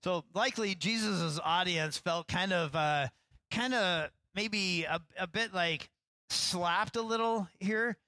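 A man preaches in a church, talking through the text as if chatting with the room and jumping into animated voices when he acts out a line. His voice is bright and a little higher than most, and the recording is dry and close with hardly any room sound. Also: slow pace, dry recording, poor audio. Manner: conversational, self-deprecating, acts out lines with rising animation. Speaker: pastor. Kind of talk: sermon.

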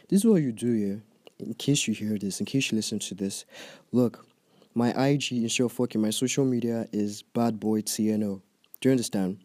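A man's voice: mid-range voice, dark tone, no echo. A young man with a Nigerian accent in a profane, heated rant, speaking straight at the listener as a casual movie reviewer. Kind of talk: ranting casual commentary.

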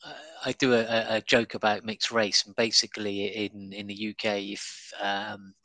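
A man's voice: fairly low pitch, little pitch movement, moderate pace, sharp tone, no echo, low-quality recording. A man, a comedian chatting casually and telling stories with many fillers and restarts. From Devon and Cornwall, England. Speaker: stand-up comedian. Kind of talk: casual conversation.

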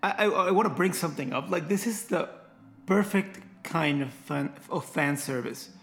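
A man's voice: a little high, normal speed, a bit bright. A man in casual conversation about a film, enthusiastic and often repeating words as he talks. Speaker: movie fan discussing a film. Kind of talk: casual chat.

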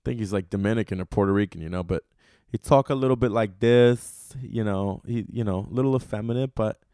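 A man's voice: fairly low pitch, fairly quick, warm tone, smooth, dry recording, studio quality. A young man hosting a comedy podcast solo, ranting and telling stories in a loose, profane, rambling way. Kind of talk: casual solo podcast rant.

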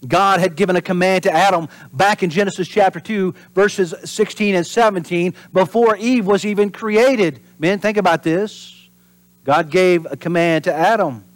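A pastor delivering a sermon in an animated preaching manner. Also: male voice, sits high, moderate pace. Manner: animated preaching, acts out voices and drops to whispers for emphasis.

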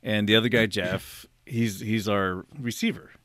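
Male co-host, low animated voice, easygoing chat, dry close sound. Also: no room sound. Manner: chatty, quick to laugh along. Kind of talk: casual chat.

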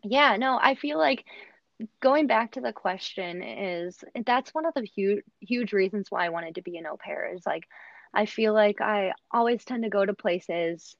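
A woman's voice: medium pitch, unhurried, gravelly, dry recording. A young American woman who talks animatedly, telling stories in a casual chat with lots of fillers. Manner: animated, storytelling, many fillers. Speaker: guest, former au pair. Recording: dull, dry lo-fi recording.

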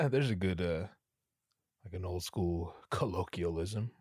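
A man hosting a podcast, with a hoarse, strained throat, telling rambling, sarcastic stories full of swearing. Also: deep voice, lively intonation, slow pace, pauses often, darkish tone, no room sound, clean studio sound. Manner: profane, rambling, sarcastic storytelling. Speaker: podcast host. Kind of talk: casual comedic monologue.

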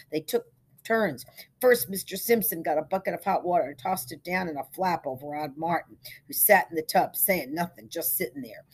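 A woman narrating a short story in a measured, steady storytelling manner. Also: fairly low pitch, slightly rough.

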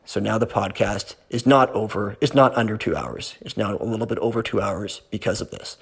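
Man, podcaster, rambling and hesitant, husky lowish voice. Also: fairly quick. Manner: rambling, hesitant, many fillers. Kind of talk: casual closing remarks.

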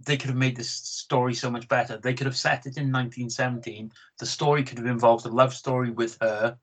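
A man's voice: medium pitch, flat delivery, a little fast, fairly bright tone, rough recording. A British man chatting casually about a film he dislikes, opinionated and often repeating words as he gets going. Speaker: film podcast co-host. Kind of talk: casual film review chat.

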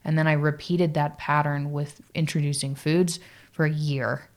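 A woman being interviewed on a podcast, telling her story casually, with halting speech full of "like" and fillers. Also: sits low, flat delivery. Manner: halting, filler-heavy, lots of "like". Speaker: podcast guest.

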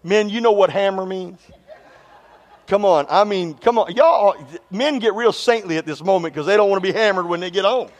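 Preaching in a large hall at a normal speed, a high-voiced pastor with a drawl leads his sermon call-and-response fashion. He teases the congregation through funny stories and calls on them to answer back.

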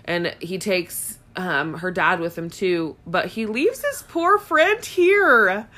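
A woman's voice: on the low side, lively intonation, slow, bright, forceful tone. A woman co-hosting a podcast, telling a long story casually with blunt, frequent swearing. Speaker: podcast co-host. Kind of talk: casual chat.

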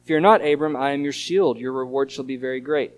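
A man's voice: medium pitch, brisk. A man preaching a sermon, explaining scripture in an earnest teaching tone and leaning on key words. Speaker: pastor.

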